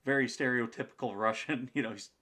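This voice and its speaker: A man tells a story as a podcast guest, slipping into the voices of the people he met. He talks casually and keeps stopping for fillers. His voice sits at an ordinary middle pitch for a man. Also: fast, sharp tone, slightly rough. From United States.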